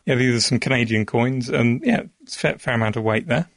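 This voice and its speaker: A man with a gravelly edge to his voice explains the science behind an experiment patiently and step by step. The sound is close and dry. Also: mid-range voice, fairly quick, no echo.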